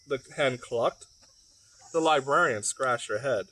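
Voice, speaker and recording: A man's voice: medium pitch, unhurried, pushed and bright. A man reading a children's picture book aloud, with playful, chatty asides to the young listeners at home. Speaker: library storyteller. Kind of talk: children's story read-aloud.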